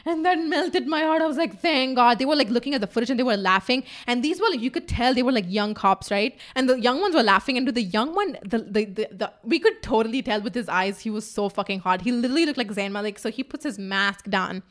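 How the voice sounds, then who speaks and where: A woman hosting a vlog, telling a story casually to her viewers with a friend, animated and swearing freely. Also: fairly high pitch, fast, few pauses. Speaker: vlog host.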